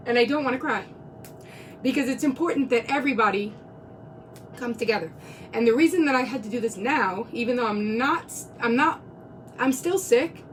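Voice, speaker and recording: A woman with a fairly high voice pours out an earnest, rambling live-stream monologue, close to tears and often restarting her thoughts. She is picked up from a little way off on a phone mic, with a faint rumble underneath. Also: recorded from a distance.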